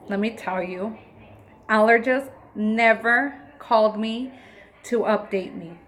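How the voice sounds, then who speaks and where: A woman in her thirties, a mother, telling a personal story in a casual, emotional way, often acting out what people said. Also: medium pitch. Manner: emotional, animated retelling with quoted dialogue. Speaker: mother and vlogger.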